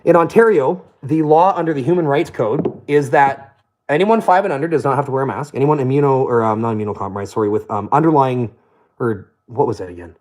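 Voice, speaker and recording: A man's voice: medium pitch, a little fast, a little mellow, low-quality recording. Sweary man ranting. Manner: blunt, sweary, scornful. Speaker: vlogger. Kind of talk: profane ranting monologue.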